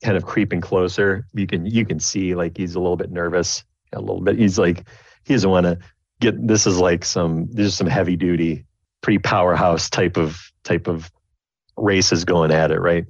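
Man, game master, deep voice, husky, rambling narration, muffled dry recording. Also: steady tone, normal speed, no room sound. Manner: rambling, full of restarts and fillers.

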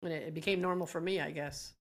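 A woman's voice: low-pitched, fairly even intonation, fast, a little hiss or hum. A middle-aged woman from Georgia, an advocacy group founder and guest, telling emotional stories in an earnest, impassioned way. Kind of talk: emotional interview talk.

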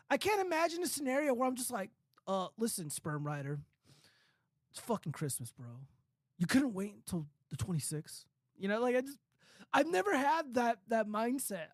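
A man's voice: high-pitched, dry recording, clean studio sound. A man hosting a casual commentary stream, reading news and chat comments in a loose, profane, rambling way with lots of fillers.

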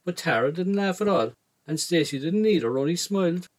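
A young man with a Cork accent tells his story in a loose, rambling way, full of "like" and "I goes". His voice sits a little high for a man. He narrates steadily and plainly. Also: animated, fairly quick, darkish tone. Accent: Cork Irish. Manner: rambling colloquial telling, frequent "like" and "I goes". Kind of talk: first-person storytelling narration.

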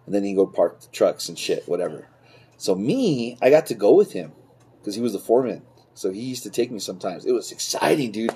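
A man's voice: fairly low pitch, sing-song, brisk, mellow, husky. A man in casual chat who tells stories with lots of swearing and laughs often. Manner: profane storytelling, laughs often.

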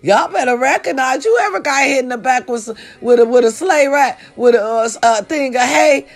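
A woman tells comic family stories in a casual monologue. She is profane and animated. She can drop to a hushed, sincere tone and then burst into shouting. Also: sits high, moderate pace. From American South. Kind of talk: casual comedic storytelling monologue.

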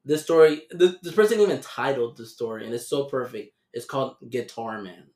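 Young male podcast host, lively profane storyteller, echoey room. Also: medium pitch, fairly quick. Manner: animated, profane, doing voices in quotes. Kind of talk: casual storytelling chat. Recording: roomy echo.

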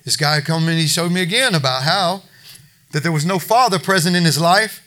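A middle-aged preacher at a recovery ministry gives an informal sermon to his congregation, speaking a little fast. His high voice is bright and forward, and his folksy, conversational style keeps circling back and repeating points.

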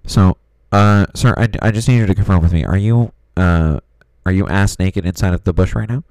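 A man's voice: low voice, a little fast, darkish tone, smooth, no room sound. A man playing a prim, officious emergency dispatcher with a blocked nose in an improvised comedy skit, formal and forever repeating "sir".

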